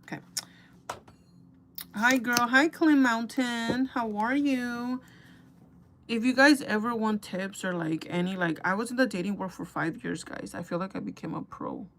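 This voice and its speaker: A woman's voice: a little high, a little slow, a bit bright, slight background noise. A young woman chatting casually to her viewers while doing her makeup, gossipy and talkative, calling them girl and guys. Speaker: beauty vlogger.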